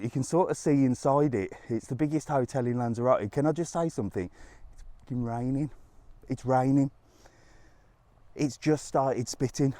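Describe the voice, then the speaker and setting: A man's voice: mid-range voice, a little mellow, dry recording. A man hosting a live travel stream outdoors on a resort street, chatting to viewers, ranting and laughing often, with some swearing.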